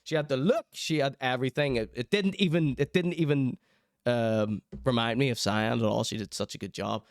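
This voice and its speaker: A man's voice: mid-range voice, normal speed, dry recording, studio quality. Teasing man streaming commentary. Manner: teasing, chatty, mock-outraged asides. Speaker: streamer reacting to clips. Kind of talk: casual live-stream commentary.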